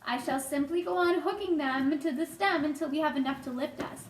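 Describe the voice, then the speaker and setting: A woman's voice: high-pitched, a little fast, echoey room, far from the mic, slight background noise, lightly acted. A woman voicing James, an earnest, clever young boy in a storybook, explaining steadily.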